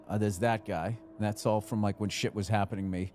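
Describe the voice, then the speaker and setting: A man's voice: fairly low pitch, normal speed, pauses often, a little hiss or hum. A man in casual chat, telling rambling stories and swearing freely. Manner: profane, rambling, animated storytelling.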